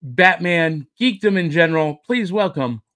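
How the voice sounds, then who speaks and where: Man, podcast host, upbeat jokey patter, slightly high voice, unhurried. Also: animated, fairly bright tone. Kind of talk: casual podcast chat.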